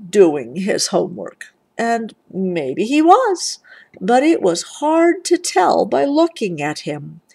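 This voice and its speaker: Woman, mother, storybook read-aloud, slow, lively pitch. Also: creaky. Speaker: mother reading to her child.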